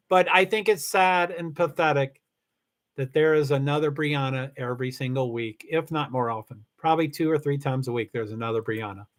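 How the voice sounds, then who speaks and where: A man's voice: high-pitched, fairly bright tone. A middle-aged man hosting a livestream, chatting casually with viewers, rambling with frequent restarts and the odd swear word. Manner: rambling, restarts often, swears when heated. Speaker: livestream host reading chat. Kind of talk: casual chat.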